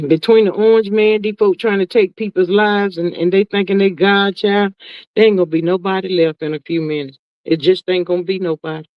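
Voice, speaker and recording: Woman, livestream host, sassy, drawn-out delivery, casual chat, dry close sound, muffled lo-fi. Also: mid-range voice, smooth, no echo. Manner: sassy, drawn-out, peppered with "child" and "honey". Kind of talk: casual livestream chat reading viewer comments.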